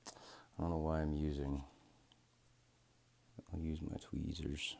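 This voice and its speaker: A man's voice: very deep voice, little pitch movement, takes it slowly, creaky, a little mellow. A man hosting a watch modding video, chatting casually and rambling to himself as he works. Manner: rambling, talks to himself, self-deprecating. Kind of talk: casual narration while working.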